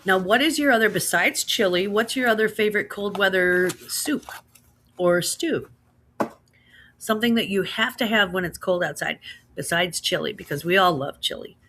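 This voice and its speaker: A woman's voice: mid-range voice, moderate pace, fairly bright tone, slight background noise. A woman in her thirties with a Midwestern American accent, casually chatting with her livestream audience, reading out comments and laughing along. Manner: chatty, laughs often, says girl and slaps. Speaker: livestream host reading chat. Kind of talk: casual chat.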